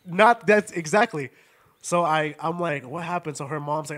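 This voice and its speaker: A young man hosting a podcast, telling profane stories in a casual, animated way and often laughing as he talks. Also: a little high, a little fast. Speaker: podcast host. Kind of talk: casual storytelling.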